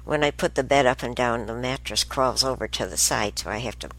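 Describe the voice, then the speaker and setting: A woman's voice: rumbling low, fairly quick. A woman hosting a show, telling a rambling everyday story in a chatty, casual way. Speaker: show host. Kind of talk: casual monologue.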